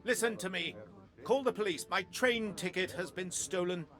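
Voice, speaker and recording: An actor playing an indignant, brusque retired British army captain in a mystery video game. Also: male voice, high voice, moderate pace, a bit bright, faint music behind. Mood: demanding. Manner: brusque, commanding.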